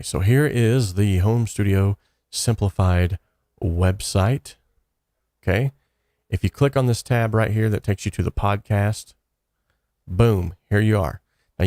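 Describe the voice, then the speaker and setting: A man's voice: lowish voice, a little slow, dark tone, no echo, studio quality. A man hosting a casual livestream, talking in an earnest, encouraging way and rambling loosely with frequent fillers. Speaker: livestream host of a song contest.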